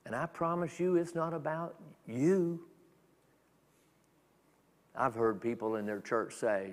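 A man preaching a sermon as a minister, talking in a conversational, animated way with quick acted asides. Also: medium pitch, in a large hall. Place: church sanctuary.

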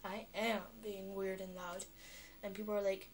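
A young girl talking on a vlog, chatty and animated, with lots of filler words. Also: mid-range voice, moderate pace, a little hiss or hum. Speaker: vlogger. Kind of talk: rambling vlog monologue.

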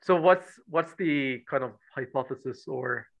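Gravelly, hesitant podcast host man. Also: medium pitch, a little slow, fairly bright tone, poor audio. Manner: hesitant, restarts, many "uh" and repeated "right". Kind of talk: interview questions.

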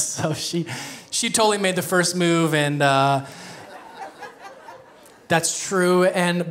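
A man in his thirties preaches to his church in a loose, conversational way. His voice sits a little high, and he keeps slipping into jokes and quick laughs between points. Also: fairly bright tone. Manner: conversational, joking, laughs often. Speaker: pastor. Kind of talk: sermon.

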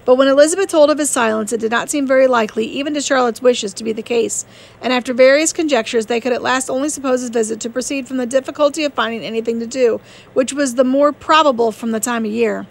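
A woman narrating a classic novel as an audiobook reader, steady and measured. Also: high-pitched, creaky.

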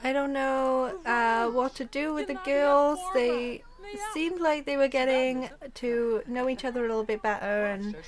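A woman's voice: high-pitched, fairly even intonation, a little slow. A woman voicing a worried young mother who anxiously apologizes to her partner. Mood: apologetic.

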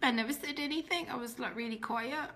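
A woman's voice: a little high, fast, pushed and bright, slight background noise. A woman telling her personal faith testimony in an earnest, emotional way, often restarting her sentences. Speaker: testimony speaker.

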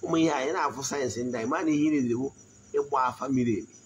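A man giving a spiritual teaching in a slow, deliberate voice, often asking his listeners if they follow. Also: mid-range voice, dull audio, a little hiss or hum. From Nigeria. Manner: switches between Igbo and English, frequent check-ins. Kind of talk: spoken teaching.

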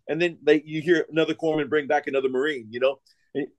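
A man on a podcast crew telling a story in an animated way, often checking in with his listeners. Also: on the high side, fast talker. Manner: animated, keeps checking in with "right?". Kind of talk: casual storytelling.

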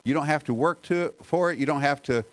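A middle-aged man preaching a sermon as pastor, talking earnestly and conversationally, with rhetorical questions and frequent restarts, slowing down to stress key phrases. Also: a little high, poor audio.

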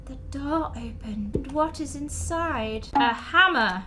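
A woman's voice: sits high, slow. A young woman hosting a horror game let's-play, chatty and playful, joking aloud and talking to the things on screen. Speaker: gaming video host. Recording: steady background noise.

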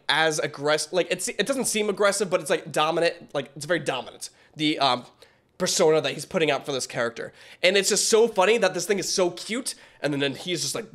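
A man hosting a reaction video, gushing excitedly with lots of fillers and laughs in casual commentary. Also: on the high side.

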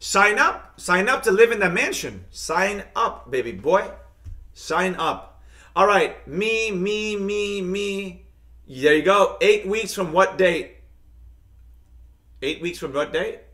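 A man's voice: high voice, lively intonation, slow pace, bright, forceful tone. A man hosting a live-streamed trading lesson. He talks straight to his viewers, reads out their comments, and keeps chanting hyped catchphrases.

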